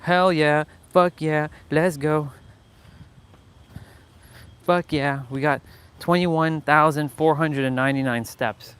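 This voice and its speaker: A man's voice: a little high, fairly even intonation, takes it slowly, long pauses, a bit bright, clear, resonant tone. A man chatting casually on his live stream, hyped and boastful, repeating his phrases. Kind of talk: casual livestream chat.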